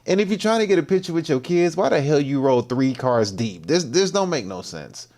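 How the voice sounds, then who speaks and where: A man's voice: fairly high pitch, sing-song, brisk, darkish tone. A man hosting a livestream who reacts to a clip with laid-back slang and plain agreement. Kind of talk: casual reaction commentary.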